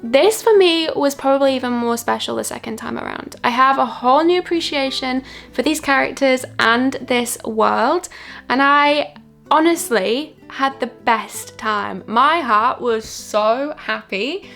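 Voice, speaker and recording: A woman's voice: high voice, measured pace, vocal fry, a bit bright. A young woman chatting casually about books she read, gushing and repeating words for emphasis. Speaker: book vlogger. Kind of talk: casual monthly book review. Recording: light background music.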